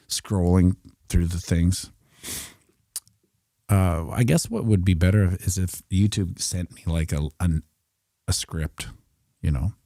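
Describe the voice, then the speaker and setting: Middle-aged male streamer, low and mellow, dry close sound, loose jokey chart-talk with mumbled asides. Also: moderate pace, pauses often, dry recording. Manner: rambling, jokey, muttering asides while drawing on a chart. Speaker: crypto streamer. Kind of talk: casual live chart commentary.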